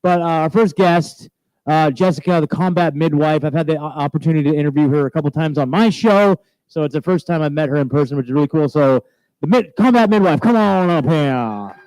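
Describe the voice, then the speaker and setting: A man hosting an onstage festival chat, joking and energetic, a bit scattered, on a handheld mic. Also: a little high, brisk, smooth, no echo, rough recording. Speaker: host interviewing festival presenters. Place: festival stage. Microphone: handheld microphone.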